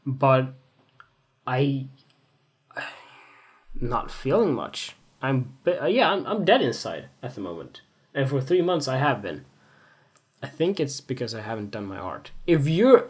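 A man's voice: medium pitch, a little mellow, husky. A young man and photographer talking frankly in a casual, rambling monologue, swearing freely and joking at his own expense. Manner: candid, rambling, swears freely, self-mocking humor.

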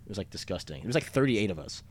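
Talking very fast in a lowish, sing-song voice, a young man rambles through a casual story, packing it with filler words and profanity.

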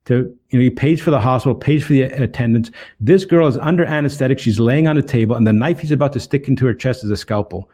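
With a warm, medium-pitched voice at a quick pace, a man preaching on the street recounts Bible stories and his own testimony earnestly. He dramatizes the dialogue, stressing the lines as he retells them.

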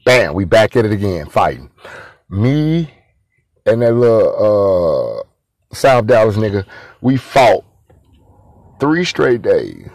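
A man's voice: fairly low pitch, big pitch swings, slow, creaky, long pauses, a little mellow, dry recording. A man telling a personal story in a loose, rambling way, full of street slang. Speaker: former inmate telling his story.

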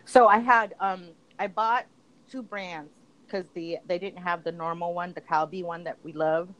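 A woman's voice: lowish voice, fairly even intonation, normal speed, slight background noise, low-quality recording. A woman co-hosting a podcast, talking in a chatty, casual way with lots of fillers and restarts. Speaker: podcast co-host. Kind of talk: casual chat.

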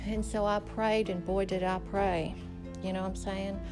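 A woman's voice: medium pitch, little pitch movement, normal speed, music in the background. A woman hosting a faith podcast, telling a story and preaching in an emphatic, conversational way. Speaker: podcast host.

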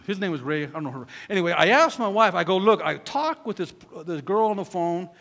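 Gravelly preacher in a reverberant hall. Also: male voice, sits high. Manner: storytelling, acts out quotes, swings from loud to hushed. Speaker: pastor. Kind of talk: preaching a sermon with a personal story.

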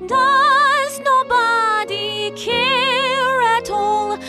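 A woman doing a squeaky little mouse girl. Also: steady tone, drawn-out words, bright, forceful tone, dry recording, clean studio sound, faint music behind, exaggerated voice. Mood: singing. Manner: squeaky, insistent, breaks into song. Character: tiny eager female mouse.

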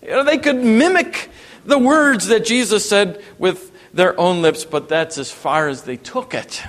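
A man preaching a sermon, dropping to a hush and then rising to emphatic, raised passages. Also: high voice, expressive, unhurried. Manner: wide swings from hushed to emphatic preaching. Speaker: pastor. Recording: long reverb in a hall.

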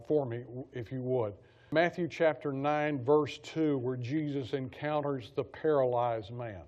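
A man's voice: medium pitch, darkish tone, muffled recording. A man teaching a Bible study class in a conversational way, repeating key phrases for emphasis.

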